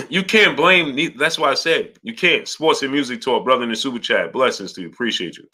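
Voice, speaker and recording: Bright-voiced man hosting a live boxing stream. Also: mid-range voice, fairly quick. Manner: animated, repetitive, asks "right?" often. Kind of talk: live-stream commentary, reading super chats.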